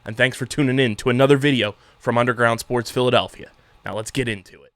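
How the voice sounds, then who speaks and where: A man hosting a casual sports podcast, hoarse from having partly lost his voice, ranting and joking at himself. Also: medium pitch, steady tone, quick pace, fairly bright tone, dry recording. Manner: ranting, self-mocking banter. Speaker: podcast host. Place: home studio.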